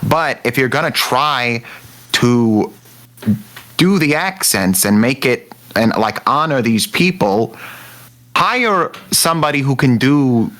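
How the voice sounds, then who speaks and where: A man co-hosting a podcast, talking in an animated, jumpy way with many restarts in casual chat. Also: mid-range voice, takes it slowly. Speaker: podcast co-host. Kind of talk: casual movie review chat.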